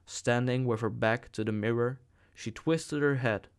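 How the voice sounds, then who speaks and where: Slow, deliberate male reader. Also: mid-range voice, fairly even intonation, clear, resonant tone. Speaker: audiobook reader. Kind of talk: novel reading.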